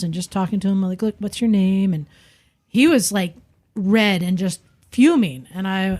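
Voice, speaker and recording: Podcast co-host, woman, lively casual storyteller. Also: medium pitch, moderate pace. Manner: animated storyteller, acts out quoted voices.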